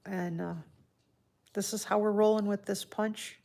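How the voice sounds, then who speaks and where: A woman hosting a casual livestream from home, chatting softly and heartfelt while answering viewers by name. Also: mid-range voice, steady tone, unhurried, vocal fry. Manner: soft-spoken and heartfelt. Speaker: livestream host. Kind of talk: casual live-stream chat.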